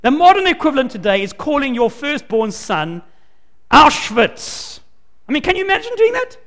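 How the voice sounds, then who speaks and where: High-voiced, lively preacher in a hall. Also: male voice, normal speed. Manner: animated storytelling, acts out scenes, emphatic. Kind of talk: sermon. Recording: long hall reverb.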